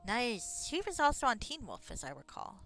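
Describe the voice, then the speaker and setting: A woman's voice: on the high side, very animated, moderate pace, fairly bright tone, soft background music. A woman streamer chatting casually while playing a game. She rambles, swears freely and laughs often. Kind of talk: casual gameplay chat.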